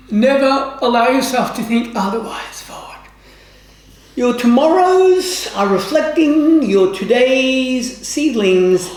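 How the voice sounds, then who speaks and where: Calm woman leading yoga in an echoey room. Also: on the high side, slight background noise. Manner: calm, measured commands with formal, old-fashioned phrasing. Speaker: yoga teacher. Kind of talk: guided yoga class instruction.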